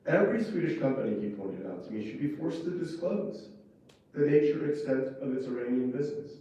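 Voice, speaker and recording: A man delivers a fired-up conference speech, pressing each point with fervent emphasis. His voice is mellow and dark. He is heard from a distance across a strongly echoing hall. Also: mid-range voice, expressive, fairly quick. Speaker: conference speaker, former ambassador. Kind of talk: impassioned public speech. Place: conference room. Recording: echoey hall from far off.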